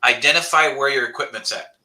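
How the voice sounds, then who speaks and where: A man hosting a casual panel chat, telling blunt, animated stories and swearing freely. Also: mid-range voice, fast, far from the mic, low-quality recording.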